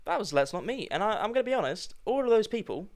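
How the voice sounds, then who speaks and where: A young man co-hosts a podcast in loose, casual chat. His voice is clear and smooth and sits a little high. He bounces all over his range, giggling and restarting his sentences as he goes. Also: fast. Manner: animated, giggly, prone to restarts. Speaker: podcast co-host.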